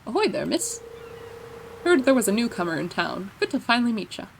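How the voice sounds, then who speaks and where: A woman's voice: on the high side, very animated, brisk, vocal fry, a little hiss or hum. A woman voicing a jolly old male fisherman and shopkeeper, reading his lines in a folksy, hearty way, in a farming video game. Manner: folksy, hearty, read-aloud dialogue.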